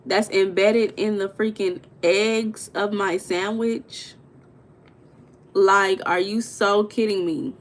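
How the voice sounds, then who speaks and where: Young woman, livestream host, casual chat, greets viewers by name, animated storytelling, mid-pitched voice. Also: slow. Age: young adult.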